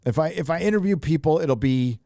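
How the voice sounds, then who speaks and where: A middle-aged Californian man hosts a live stream, reading super chats into a handheld mic while rambling loosely, swearing casually and using lots of filler. His voice runs somewhat high, brisk and animated, creaky yet mellow, captured in a dry, clean studio recording.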